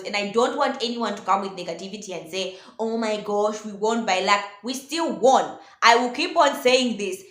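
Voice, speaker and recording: A woman hosting a casual football reaction vlog, talking excitably and addressing her viewers as ladies and gentlemen. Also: fairly high pitch. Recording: echoey room.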